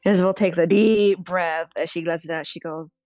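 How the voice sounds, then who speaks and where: A woman's voice: fairly low pitch, fairly even intonation, moderate pace, a little mellow, no room sound, faint music behind. A woman narrating her character's actions in a tabletop game, in a loose, descriptive way. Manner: descriptive, with frequent "kinda" and "she goes". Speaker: player.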